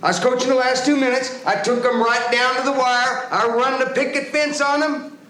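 A man's voice: very high-pitched, level tone, moderate pace, a bit bright. An actor playing a hospitalized older father who rambles and repeats himself in a film drama. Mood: proud. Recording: film audio with roomy echo and faint music.

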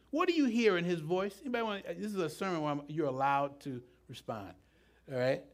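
Before a live congregation in church, a pastor delivers a sermon in a relaxed, conversational style, often asking the crowd questions. He speaks a little fast in a high-pitched, animated voice.

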